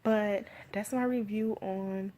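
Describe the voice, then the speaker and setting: Taking her time, a woman with a mid-range voice and a Miami accent rambles through a casual movie review. She leans on "like" and "you feel me" a lot and grows animated as she retells scenes.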